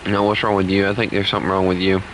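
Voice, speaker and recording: A young man chatting and teasing friends while streaming a game, playful and quick to laugh. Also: sits low, level tone, a little hiss or hum. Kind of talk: casual gaming stream chat.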